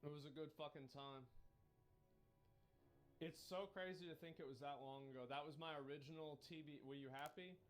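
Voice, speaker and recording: A man's voice: fairly high pitch, fairly even intonation, fairly quick. A man streaming live, chatting casually, reminiscing and answering chat in a rambling, profane way.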